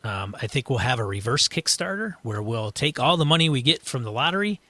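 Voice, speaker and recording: Halting, grateful man co-hosting a podcast. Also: mid-range voice, sing-song, sharp tone, dry recording. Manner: hesitant, halting, many ums, grateful. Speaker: podcast co-host. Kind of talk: casual podcast chat.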